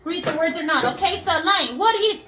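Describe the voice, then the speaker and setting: A woman teaching phonics to small children, her voice high and very bright. She repeats each word slowly and cheers them on. The sound is echoey and a little distant, like a classroom. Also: lively intonation, faint music behind. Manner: slow, encouraging, repeats words clearly. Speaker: English teacher. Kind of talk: phonics lesson with young children.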